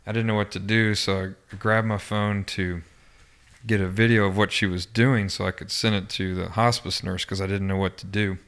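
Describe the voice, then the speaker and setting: Male podcast guest, low voice, monotone, halting recollection with restarts. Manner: halting, with frequent restarts and fillers. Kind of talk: personal recollection in an interview.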